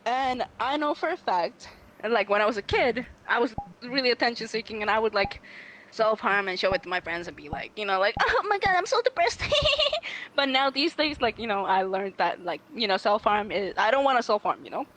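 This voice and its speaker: A woman's voice: mid-range voice, a little fast, slight background noise, rough recording. A young woman from Finland chatting casually on a podcast, acting out the people she quotes. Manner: animated, acts out quoted voices. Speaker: podcast guest. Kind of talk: casual chat.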